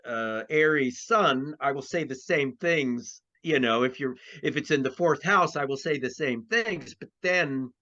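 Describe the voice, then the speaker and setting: A man's voice: mid-range voice, measured pace, few pauses, pushed and bright. A man, an astrologer being interviewed, talks in a rambling way with many restarts and fillers. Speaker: astrologer guest. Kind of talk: conversational interview. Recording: dull lo-fi sound.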